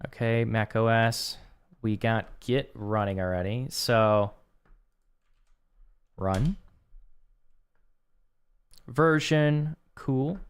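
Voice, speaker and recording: A man's voice: mid-range voice, drawn-out words, long pauses, clean tone. A young man live-streaming as he works through a coding course, reading lesson text aloud and reacting with offhand remarks. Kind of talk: casual live-stream commentary.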